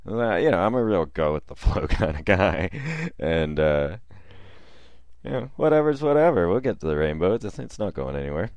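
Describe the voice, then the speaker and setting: A man's voice: low voice, animated, normal speed, a little mellow, no room sound. A man telling a personal story in a casual, rambling way with fillers and chuckles.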